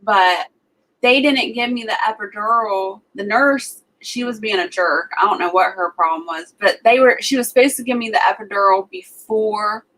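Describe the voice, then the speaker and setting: A woman's voice: medium pitch, normal speed, fairly bright tone, rough recording. Chatty young woman telling birth stories. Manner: chatty storytelling, frequent "like" fillers. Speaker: livestream co-host. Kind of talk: casual chat.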